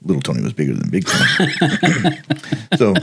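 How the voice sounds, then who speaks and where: A man's voice: sits low, moderate pace, vocal fry, noisy background. A middle-aged man from the Los Angeles area, a retired homicide detective, telling rambling stories in casual podcast chat. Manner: relaxed, rambling anecdotes with many fillers.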